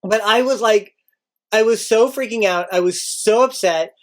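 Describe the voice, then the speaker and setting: A man who works as a teacher, telling a story casually and acting out his own panic with sudden high outbursts. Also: moderate pace.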